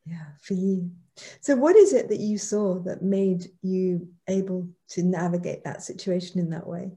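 A woman guest in a reflective conversation, speaking in a measured, affirming way. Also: lowish voice, dark tone.

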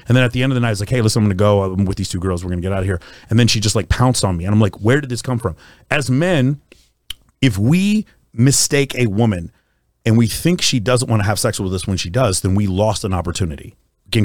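A man in casual podcast chat, blunt and profane, telling stories in a rapid rush. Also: lowish voice, no room sound, studio quality.

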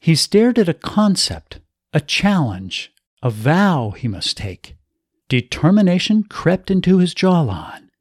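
A man reading a story aloud in a measured, expressive way. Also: fairly high pitch, slightly rough, no room sound, clean studio sound. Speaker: narrator.

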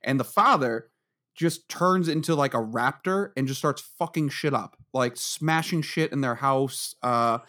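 A man's voice: mid-range voice, unhurried, sharp tone. A man chatting casually on a podcast, rambling and swearing, often laughing as he tells stories. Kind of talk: casual chat.

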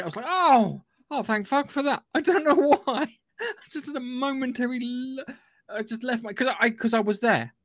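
A man co-hosting a podcast, telling stories in an animated way and swearing often. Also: sits high, dry recording, studio quality. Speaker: podcast co-host. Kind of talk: casual chat.

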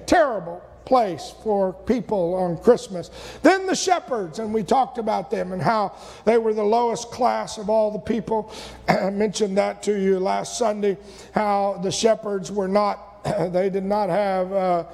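High-voiced gravelly preacher in a reverberant church. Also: male voice, unhurried, a little mellow. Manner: repetitive, folksy preaching that rises to emphatic peaks. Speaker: pastor. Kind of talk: sermon. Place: church sanctuary. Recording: long reverb of a church sanctuary.

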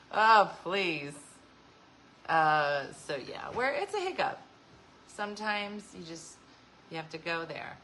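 A woman's voice: lowish voice, sharp tone, a little hiss or hum, poor audio. A woman hosting a casual chat show, talking with viewers, laughing often and acting out what people said. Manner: chatty, laughs often, acts out quoted voices. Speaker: host.

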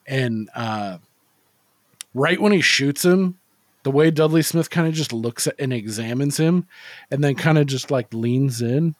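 A male co-host chats through a movie on a podcast in a loose, profane, rambling way. His voice sits in an ordinary middle pitch. The sound is dry and close, with little room around it. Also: no room sound. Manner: rambling and profane, with many fillers. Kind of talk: casual movie-review chat.

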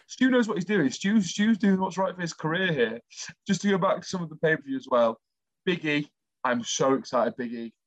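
A man's voice: fairly high pitch, expressive, a little fast, dry recording. Chatty man, dry dull sound. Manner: enthusiastic storyteller, chatty. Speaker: co-host, former athlete. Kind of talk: casual chat.

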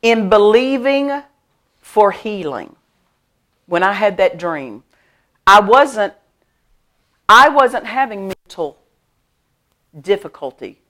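A middle-aged woman pastor preaching a sermon at a church service. She tells stories with lively emphasis, laughs often, and repeats her key phrases. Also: medium pitch, slow, long pauses. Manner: animated storytelling with frequent laughter.

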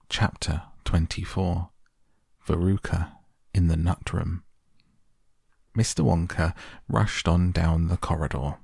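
Male audiobook narrator: slow, deep, gravelly; dry close recording. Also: dry recording. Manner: measured, expressive reading.

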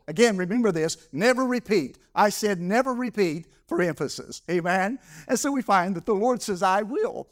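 A man preaching a sermon at a church service, repeating his key words for emphasis and reading scripture slowly. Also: sits high. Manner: reads scripture slowly in old English. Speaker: pastor.

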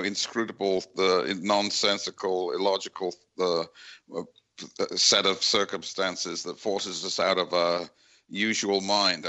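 A man hosting a radio interview, halting and reflective, with many fillers as he speaks. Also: sits low, pushed and bright. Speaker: radio show host.

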